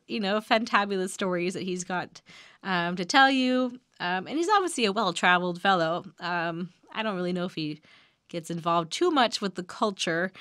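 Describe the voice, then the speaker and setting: A woman's voice: medium pitch, fairly bright tone, no room sound, studio quality. A woman hosting a lyrics breakdown, talking casually with frequent giggles and filler ums. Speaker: host breaking down song lyrics. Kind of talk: casual commentary.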